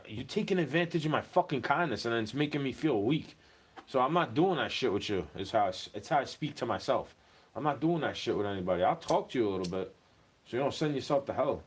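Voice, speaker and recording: A man rants into the camera in a rambling stream, swearing freely. His voice keeps jumping up in heated bursts before sinking back low. The pitch sits in an ordinary middle range for a man. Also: slightly rough. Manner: agitated, profane, rambling, voice rising in bursts. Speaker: vlogger. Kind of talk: ranting monologue.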